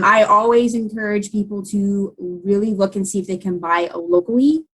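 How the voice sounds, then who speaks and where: A woman's voice: medium pitch, rough recording. A woman with a South Central Pennsylvania accent, a guest on a casual podcast, explaining sugar choices in a friendly, practical way. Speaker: podcast guest, nutrition coach.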